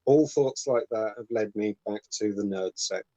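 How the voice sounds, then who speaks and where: A man hosting an online call, talking in a relaxed, thoughtful way with some hesitation. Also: fairly low pitch, normal speed, dry recording, rough recording. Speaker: host of a modular synth stream. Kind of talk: casual technical chat.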